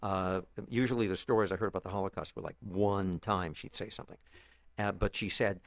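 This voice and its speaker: A man with a lowish voice tells a long story in an interview, often stumbling and repeating words as he searches for the next one. The sound is dry and close, with no room around it. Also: steady tone, dry recording. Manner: halting, many repeated words and restarts. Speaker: author and guest.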